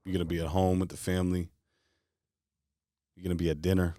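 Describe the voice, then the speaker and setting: Man, very low voice, dry close sound, guided visualization, rapid-fire casual questions. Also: level tone, dark tone, no room sound. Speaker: motivational speaker.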